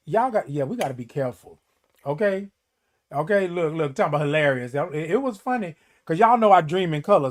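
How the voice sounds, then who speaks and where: A man hosting a casual livestream, reading viewer comments and talking to them directly in a folksy, animated way. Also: on the high side. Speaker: livestream host.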